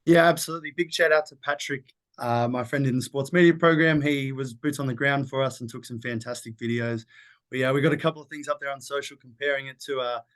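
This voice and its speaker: A young Australian man chats casually on a sports podcast, friendly and easygoing, with frequent "uh"s as he talks. His voice sits at an ordinary middle pitch for a man. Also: steady tone, quick pace, fairly bright tone. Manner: friendly, easygoing, hesitant fillers. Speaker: podcast co-host, social media intern.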